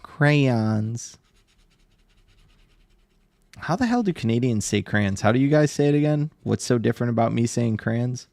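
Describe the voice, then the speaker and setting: This livestreaming artist and tattoo artist banters with his viewers, teasing them and laughing a lot. He speaks in an expressive, creaky mid-range voice with a darkish tone, unhurried and full of long pauses, with no echo.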